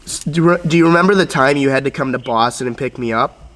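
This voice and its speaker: A young man vlogging, telling a story in a casual, animated, profane way and acting out the voices of others. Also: mid-range voice, fast, big-room sound.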